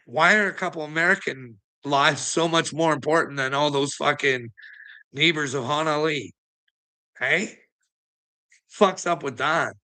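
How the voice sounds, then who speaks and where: A man's voice: on the high side, a little slow, pushed and bright. A man delivering a profane, taunting rant as an online commentator, mocking his listeners with laughs and repeating words for emphasis. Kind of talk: ranting monologue to camera.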